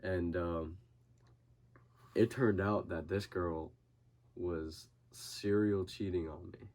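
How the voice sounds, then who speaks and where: A man's voice: sits low, steady tone, takes it slowly, a little mellow. A young man in casual podcast chat, telling a story full of swearing and acting out his friend's panic. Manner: swears constantly, acts out friends' panicked voices. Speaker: podcast guest, boxer.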